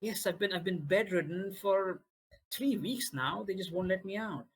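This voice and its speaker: A confused grown man who jumps between giddy childish delight and shouting at kids to leave, as a man puts him on. His voice sits high and a little husky. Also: normal speed, poor audio. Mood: cheery, childlike. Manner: swings from cheery to shouting. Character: adult man flipping between childish glee and angry confusion.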